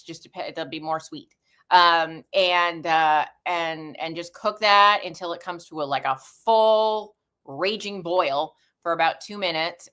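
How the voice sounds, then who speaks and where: Middle-aged woman, live-stream host, chatty and rambling, lowish bright voice on a camera mic. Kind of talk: casual live-stream chat.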